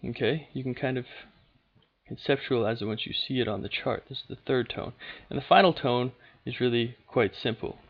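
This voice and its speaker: A man of middling pitch talks through a lesson in a patient, steady way, pausing often with small fillers. The sound is dull and lo-fi, like an older home video. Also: vocal fry. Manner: patient, steady, with frequent "okay" and "uh". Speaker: language teacher. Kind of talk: unscripted explanatory lesson.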